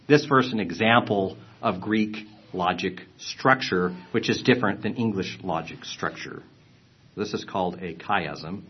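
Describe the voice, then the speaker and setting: A man teaching a lesson on Bible translations, explaining earnestly, clearing his throat and restarting phrases. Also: on the low side, lo-fi sound.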